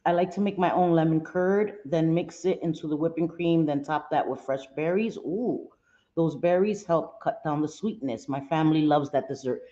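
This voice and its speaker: A woman's voice: low voice, moderate pace, mellow, roomy sound, dull audio. A middle-aged woman hosting a casual live stream, chatting expressively and greeting viewers by name. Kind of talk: casual live chat reading viewer comments.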